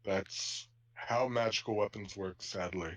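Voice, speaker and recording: A man voicing a calm, polite warforged robot blacksmith in a tabletop game. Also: fairly low pitch, a little slow. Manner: polite shopkeeper courtesy.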